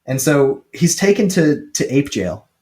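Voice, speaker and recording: A man co-hosting a casual podcast, retelling a film with jokes and quick paraphrased lines from its characters. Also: medium pitch, big pitch swings, a little mellow. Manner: chatty, joking, quick paraphrased quotes. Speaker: podcast co-host recapping a film. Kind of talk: casual chat.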